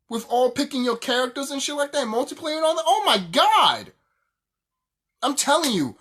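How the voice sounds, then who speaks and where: A man's voice: very high voice, a bit bright. Heated, swearing young man ranting. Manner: heated, profane, laughs often, repeats himself. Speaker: YouTuber ranting about games. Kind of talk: casual profane rant.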